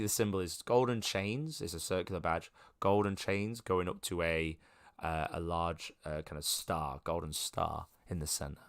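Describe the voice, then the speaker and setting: Game master man, low voice, dry close sound, rambly with lots of ums. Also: clean tone, no echo. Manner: rambling, full of ums and restarts. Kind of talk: narrating a tabletop game.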